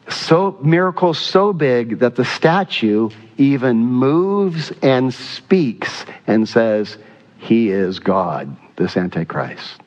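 A man preaching to his congregation, reading scripture and calling out questions for the room to answer. His voice is of middle pitch. It sounds a little dull and rings through a large church hall with a long tail. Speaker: pastor. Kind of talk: sermon. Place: church sanctuary.

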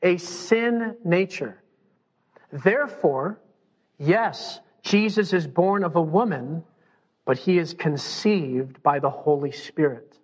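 A high-pitched man preaching a lively sermon, slipping into the voices of the people he quotes. His voice rings out with a long reverb through a church sanctuary. The sound is dull and muffled. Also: takes it slowly. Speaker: pastor.

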